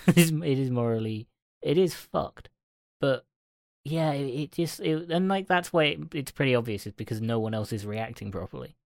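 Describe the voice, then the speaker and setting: A man co-hosting a casual film chat podcast, relaxed and hedging, often laughing along with the others. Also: mid-range voice, moderate pace, gravelly, no echo, clean studio sound. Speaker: podcast co-host.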